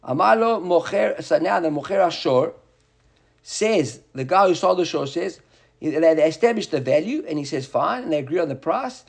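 Talmud teacher, male, husky, high-pitched, lively classroom delivery. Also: normal speed. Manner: animated, often rising high to act out buyer and seller.

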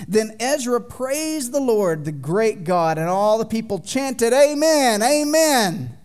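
A man in his thirties preaching a sermon in a church, folksy and joking with the congregation, swinging from loud to quiet. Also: high-pitched. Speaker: pastor. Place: church sanctuary.

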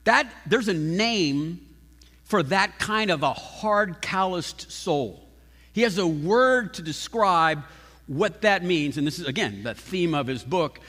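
A man preaching a sermon as pastor, animated and emphatic, often restarting his sentences. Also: high-pitched, slow. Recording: long hall reverb.

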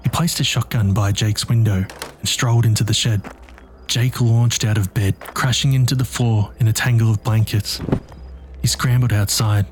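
A man narrating a dark story in a tense, measured, scripted delivery. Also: mid-range voice.

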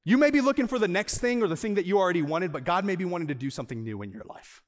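A male pastor preaching a sermon to a church. He moves from soft, slow lines to loud, high bursts for emphasis and laughs lightly with the room. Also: animated, in a large hall. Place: church auditorium.

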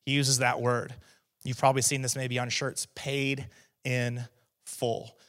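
A man preaching a sermon as teaching pastor, talking in a conversational way with asides to the congregation, then rising to loud, emphatic proclamations on key phrases. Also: on the high side.

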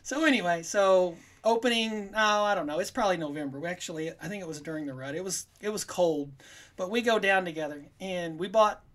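A man's voice: high voice, fairly quick. Rambling man spinning a hunting yarn. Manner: rambling, animated, quotes himself in little voices. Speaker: guest telling a hunting story. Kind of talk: casual podcast storytelling.

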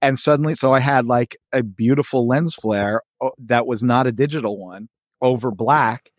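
A man co-hosting a podcast, telling stories in an animated way, laughing as he talks, and reading comic strips aloud. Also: medium pitch, normal speed, dry recording, clean studio sound. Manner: animated storyteller, laughs while talking. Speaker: podcast co-host.

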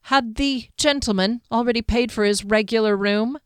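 A woman narrating a fantasy audiobook in a measured, even storytelling manner. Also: fairly high pitch, clean tone, no echo, clean studio sound.

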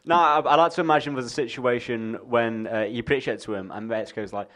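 A man's voice: medium pitch, brisk, a bit bright. Wry, dry-witted young man. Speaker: comedy co-host. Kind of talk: live comedy banter.

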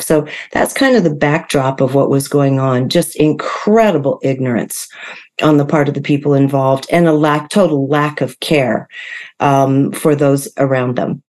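A woman's voice: sits low, darkish tone. A woman hosting a solo commentary video, speaking in a conversational way with frequent fillers and self-corrections. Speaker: host.

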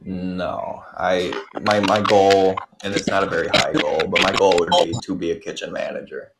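Deep-voiced blunt man, noisy recording. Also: steady tone, normal speed, gravelly. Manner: blunt, swears freely. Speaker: kitchen cook. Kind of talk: casual chat.

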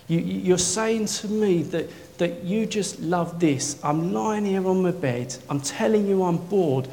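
A man preaching a sermon in a church, telling stories with swings from quiet to loud, wearing a mic. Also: high voice, measured pace, gravelly. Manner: excitable storytelling, swinging from soft to loud. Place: church hall. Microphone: worn mic. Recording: echoey hall, faint noise.

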